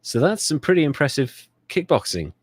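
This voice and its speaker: A man's voice: fairly high pitch, very animated, a little fast, slightly rough, no room sound. A man co-hosting a comedic history podcast, joking and swearing freely as he riffs on the story. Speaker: podcast co-host. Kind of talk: casual comedic history chat.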